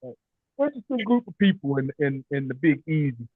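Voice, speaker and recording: A chatty man tells rambling stories on a video call, raising his voice to act out the people he quotes. His voice sits a little high, and the sound is thin and phone-like, as if heard down a call line. The audio is dry, with no room echo. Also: big pitch swings, a little fast, husky. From Chicago area. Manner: rambling storyteller, acts out quotes in raised voices. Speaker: meeting participant. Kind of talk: casual video call chat.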